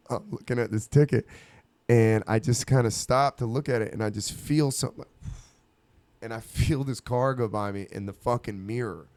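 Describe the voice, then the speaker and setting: Dry-sounding animated male storyteller. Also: mid-range voice, moderate pace, no room sound. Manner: animated, laughs often, acts out quoted voices. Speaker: podcast host telling a story. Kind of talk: casual storytelling.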